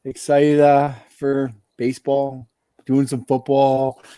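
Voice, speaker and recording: Mellow laid-back male co-host. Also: medium pitch, monotone, slow pace, clean tone, no room sound. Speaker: podcast co-host. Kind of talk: casual chat.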